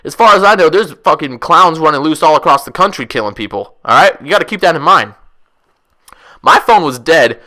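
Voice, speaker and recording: A young man telling a wild story casually, profane, rambling and excitable. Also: on the high side, fairly quick. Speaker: vlogger.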